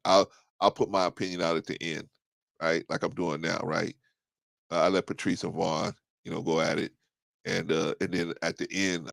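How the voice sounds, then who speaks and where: A man hosting a talk stream in a casual monologue, animated, laughing often and repeating himself. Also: fairly low pitch, gravelly, dry recording.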